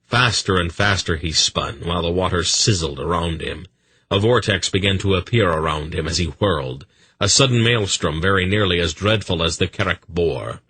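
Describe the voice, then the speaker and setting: A man's voice: sits low, normal speed, pushed and bright, slight background noise. A man narrating an audiobook with intense, dramatic storytelling.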